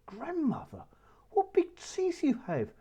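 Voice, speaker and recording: A man voicing an innocent, curious little girl in a children's story, speaking in a high, wondering child's voice. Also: huge pitch swings, takes it slowly, warm tone, full character voice.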